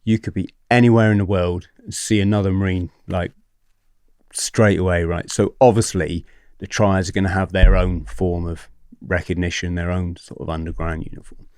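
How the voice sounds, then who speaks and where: A man's voice: deep voice, flat delivery, moderate pace, a little mellow, smooth, dry recording, clean studio sound. A man in his forties telling a story as a podcast guest, acting out what other people said, swearing and laughing often.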